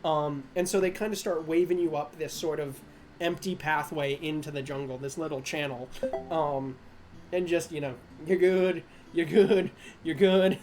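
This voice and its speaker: Rambling game master full of fillers. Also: male voice, fairly high pitch, fairly even intonation, moderate pace. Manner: rambling, many fillers and restarts, laughs at himself. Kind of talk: narrating a tabletop game.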